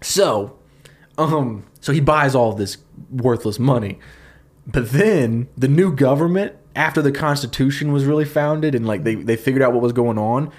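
A man telling a story on a comedy podcast, talking fast and loosely. He piles on fillers and jokes as he goes. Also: mid-range voice. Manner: fast, animated retelling with fillers and laughs. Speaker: podcast co-host pitching a story.

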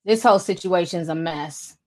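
A woman's voice: lowish voice, normal speed, darkish tone. A woman giving casual gossip commentary, blunt, sarcastic and profane. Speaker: commentary vlogger.

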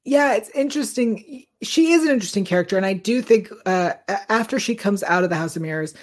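A woman's voice: mid-range voice, animated, fast talker. A woman co-hosting a podcast, talking through her points in a casual fan recap. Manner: chatty and reasoned, builds points with fillers. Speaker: podcast co-host.

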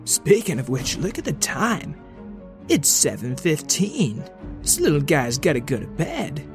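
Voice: mid-range voice, sing-song, measured pace, music in the background. A performer voicing a laid-back, centuries-old robot babysitter who talks in easygoing slang. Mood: chilled out. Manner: drawling surfer-style slang, says beep boop.

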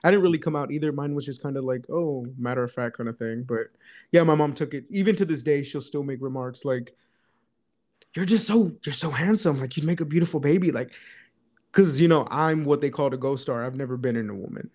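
A man's voice: medium pitch, fairly quick, darkish tone. A man hosting a casual chat who laughs easily and talks bluntly. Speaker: podcast host.

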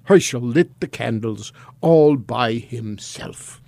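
A man reading a children's storybook aloud in a measured, expressive narrating voice. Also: mid-range voice, dry recording.

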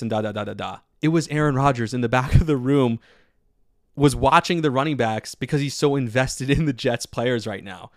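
A man talks through a solo sports podcast, excitable and rambling, full of filler words. His voice sits at an ordinary pitch. The recording is dry and close, with no room sound. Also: brisk, no echo. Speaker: podcast host.

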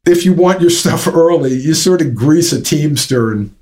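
A man's voice: on the high side, lively intonation, moderate pace, a little mellow. Chatty man spinning a long anecdote. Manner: rambling anecdote with lots of fillers and restarts. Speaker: interview guest, drum company founder. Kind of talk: casual storytelling.

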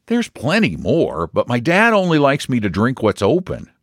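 A man voicing a confident young man who speaks slowly and with emphasis. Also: medium pitch, wildly swooping pitch, no room sound, clean studio sound, voice pushed up. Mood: assured. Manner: slow, assured, emphatic. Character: confident young man hosting, drawling, sure of himself.

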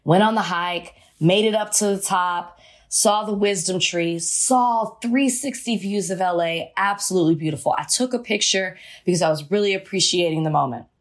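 A woman's voice: lowish voice, moderate pace. A chatty woman in her thirties co-hosting a casual podcast. She talks in an easygoing, conversational way, drifts into personal stories and laughs readily. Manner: chatty, laughs easily, storytelling. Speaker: podcast co-host. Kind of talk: casual chat.

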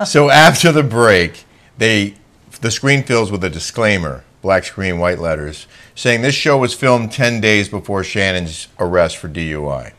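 A man's voice: fairly low pitch, animated, a little slow, fairly bright tone. A man hosting a casual talk show, recapping episodes and teasing his co-host, laughing easily. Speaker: podcast host. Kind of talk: casual chat.

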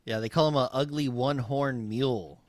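A man on a podcast talking through a movie in a relaxed, joking way, sighing and trailing off now and then. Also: medium pitch, a little fast, no echo. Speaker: podcast co-host. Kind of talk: casual movie recap chat.

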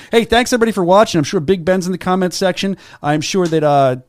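A man co-hosting a sports talk show from a studio, joking and teasing his co-host in fast, casual banter. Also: high-pitched, slight background noise. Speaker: podcast co-host.

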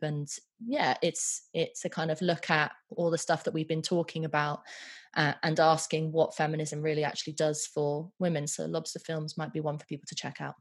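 A woman guest, an author and journalist, speaking in a podcast interview with a dry, wry manner. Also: deep voice.

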